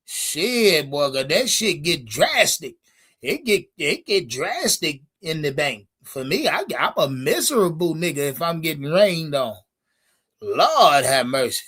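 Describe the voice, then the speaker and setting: A man's voice: on the high side, a little slow, husky. A man hosting a live sports stream, chatting casually and profanely with his viewers. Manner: profane, animated, addresses chat directly.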